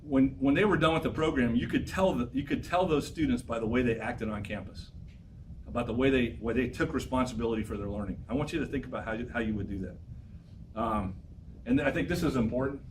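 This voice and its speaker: A man teaches a college class, urging his students on with lively, repetitive exhortations. He sounds distant from the microphone. Faint room noise hums behind him. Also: mid-range voice, brisk. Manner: energetic, exhorting, repeats phrases. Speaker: professor. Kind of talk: classroom lecture.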